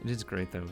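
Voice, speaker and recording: A man reading a visual novel aloud for a let's play, breaking in with playful joking asides. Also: fairly low pitch. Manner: playful, joking commentary between read lines.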